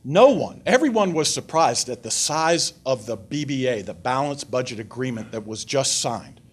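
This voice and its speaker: A man's voice: medium pitch, normal speed, a little hiss or hum. Older man telling stories at a lecture. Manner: animated storyteller, voices characters in his anecdote. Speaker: guest speaker at a foreign affairs forum. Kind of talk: public talk with anecdote and audience questions. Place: lecture room before an audience.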